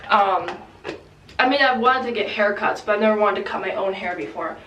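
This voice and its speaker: A young woman with a stuffy cold vlogs her crochet project, rambling casually in a chatty, self-deprecating way. Her mid-range voice is brisk and a bit bright, and the sound is lo-fi from a distant mic.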